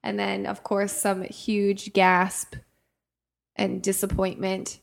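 A young woman in casual chat, telling a story with lively acted-out voices. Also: mid-range voice, takes it slowly, gravelly. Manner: animated storyteller who acts out voices in her anecdotes.

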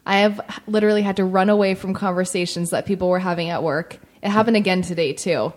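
A woman's voice: fairly low pitch, steady tone, fast talker, a little mellow. A woman co-hosting a podcast, telling everyday stories in a chatty way with lots of fillers. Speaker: podcast co-host. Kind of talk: casual chat.

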